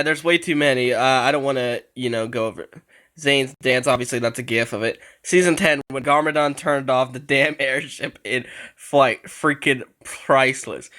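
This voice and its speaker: A man's voice: medium pitch, a bit bright. A man giving casual reaction commentary on show clips, laughing often between lines and swearing casually.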